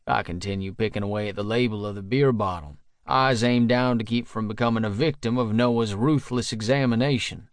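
A man's voice: fairly low pitch, brisk, hardly any pauses, dry recording. A man narrating a first-person romance audiobook in a brooding, irritable tone.

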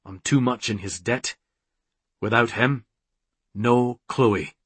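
A man voicing a brooding immortal Highland warrior, speaking low, hushed and tender. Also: slow pace, breathy edge, dry recording.

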